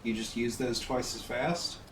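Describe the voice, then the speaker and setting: A man's voice: medium pitch, fairly even intonation, a bit bright, a little hiss or hum. Hesitant Texan man on a distant, echoey mic. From Texas. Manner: hesitant, measured. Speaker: stream co-host. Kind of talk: casual gaming stream chat.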